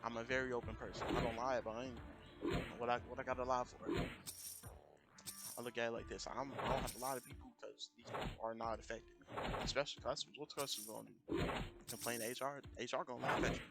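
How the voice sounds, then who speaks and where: Mężczyzna gawędzący z ożywieniem, muzyka w tle. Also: male voice, medium pitch, fast talker. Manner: animated ranting, quoting people in raised voices. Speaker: streamer. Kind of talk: casual storytelling rant on a live stream. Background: music.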